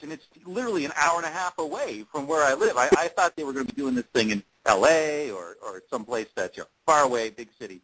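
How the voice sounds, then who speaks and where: A man's voice: mid-range voice, animated, fast talker, few pauses, sharp tone, slight background noise, rough recording. A man being interviewed, telling a long story casually with many fillers and restarts. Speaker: interview guest, fan-series actor.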